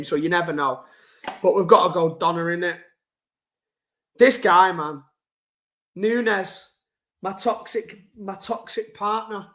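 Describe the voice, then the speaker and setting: A man's voice: high voice, creaky, a bit bright. A young man ranting bluntly and casually to his chat during a football live stream, swearing and using slang.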